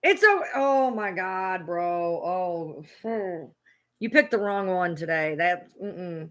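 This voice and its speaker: A woman's voice: fairly low pitch, sing-song, takes it slowly, a bit bright. A woman streamer ranting at a clip she is reacting to, swearing hard and repeating herself. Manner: heated, swearing, repetitive. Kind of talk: profane livestream rant.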